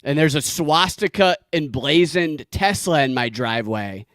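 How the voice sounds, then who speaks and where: A man hosting a streamed comedy talk show, needling his guest with teasing, deadpan questions. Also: fairly high pitch, measured pace, no echo, studio quality. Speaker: streamer host. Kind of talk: casual comedic chat.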